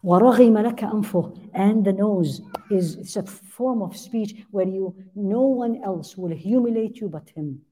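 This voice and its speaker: A woman's voice: mid-range voice, normal speed, hardly any pauses, mellow, slight background noise. A woman giving a religious lesson, translating Arabic supplications line by line and putting questions to her listeners. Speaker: religious teacher.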